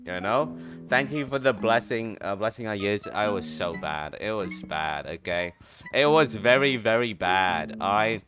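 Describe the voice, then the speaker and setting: Excitable man streaming a game. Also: lowish voice, moderate pace, over music. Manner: excitable and playful, bursts into mock trash talk. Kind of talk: casual gameplay commentary.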